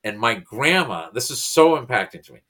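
A man's voice: medium pitch, normal speed. A man, a pastor and comedian, telling his personal conversion story as a podcast guest, earnest and emotional. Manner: earnest, emotional, animated retelling.

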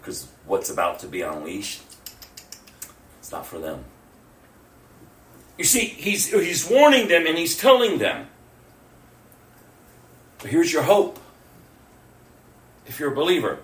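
Male pastor mid-sermon, swings loud to hushed, distant mic in a roomy hall. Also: fairly high pitch, wildly swooping pitch, takes it slowly, long pauses. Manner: swings from loud exclamations to hushed near-whispers, laughs often. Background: congregation responses.

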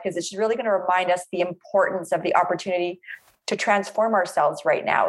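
A woman co-hosting a casual interview, encouraging the guest and then turning earnest as she quotes statistics. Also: on the low side. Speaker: podcast co-host.

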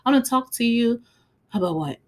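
Woman co-host, relaxed conversational delivery, quick laughs, quotes family in playful voices. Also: on the high side. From abroad, moved to the US. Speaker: podcast co-host. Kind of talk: casual chat.

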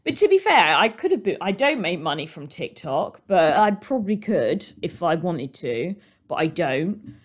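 A woman's voice: on the low side, sing-song, moderate pace. A British woman hosting a solo podcast, chatting casually in a rambling way, full of ums and likes, into a desk microphone. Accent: British English. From Britain. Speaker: podcast host.

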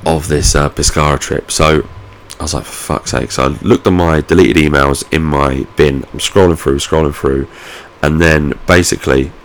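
Vlogging indoors at his home, a man from the United Kingdom tells a rambling anecdote in casual, sweary, self-mocking talk. His voice is very deep, his intonation fairly even and his pace moderate.

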